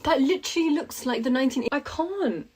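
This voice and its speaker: Excitable female vlogger, gushing reaction, fast and breathless. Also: sits high, a little hiss or hum. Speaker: content creator reacting to a trailer.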